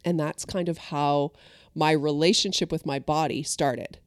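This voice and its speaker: A woman's voice: sits low, measured pace, dry recording, studio quality. A woman in casual conversation, animatedly telling a childhood story and acting out what people said. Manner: animated storyteller, acts out quotes.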